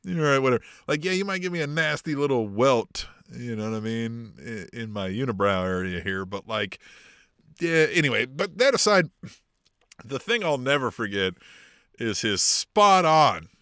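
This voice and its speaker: A man co-hosting a wrestling podcast in loose, profane chat, his voice bright and forceful. He swings his pitch widely as he mimics wrestlers. The sound is dry and close, with no room around it. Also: big pitch swings, normal speed, clear, resonant tone, no room sound. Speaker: podcast co-host.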